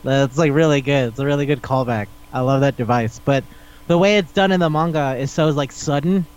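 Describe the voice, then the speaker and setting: A man's voice: mid-range voice, fairly quick, a little mellow, smooth, lo-fi sound. A man co-hosting a podcast in casual chat, rambling animatedly and swearing freely. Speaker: podcast co-host.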